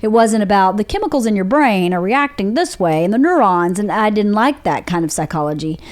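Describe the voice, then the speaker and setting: A woman's voice: medium pitch, lively intonation, fairly quick. A woman from Georgia with a Southern accent, hosting a podcast and telling her own story in a candid, rambling way, with restarts. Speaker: podcast host. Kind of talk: casual chat.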